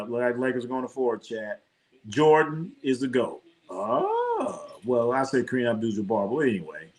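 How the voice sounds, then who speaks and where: A man hosting a live sports stream, rambling and swearing casually as he reacts to scores and talks to his chat. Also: medium pitch. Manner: rambling, profane, talks to chat, tells jokey anecdotes. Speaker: sports livestream host.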